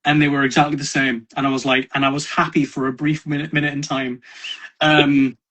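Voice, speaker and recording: A man from North East England, a podcast guest chatting casually and rambling with many pauses and restarts. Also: on the high side, flat delivery, a bit bright. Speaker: podcast guest, miniature painter.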